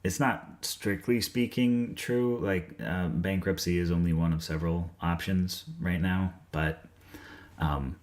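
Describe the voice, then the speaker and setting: A man from New England speaks as a video essayist delivering a personal update. He is hesitant and soft-spoken, with frequent pauses and fillers. His voice is very deep. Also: fairly even intonation.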